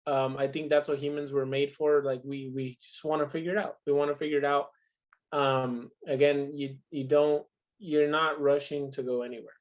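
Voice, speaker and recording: A man's voice: a little high, flat delivery, moderate pace. Emphatic, profane young man on a podcast. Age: 20s. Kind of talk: casual podcast chat.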